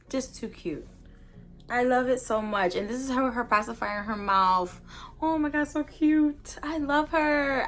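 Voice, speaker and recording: A young woman vlogging an unboxing in a casual, gushing way, full of excited exclamations. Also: mid-range voice, poor audio. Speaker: doll collector vlogger.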